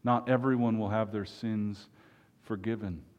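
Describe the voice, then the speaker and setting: A man preaching a sermon, earnest and emphatic, with long pauses. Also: lowish voice, fairly even intonation, big-room sound, dull audio.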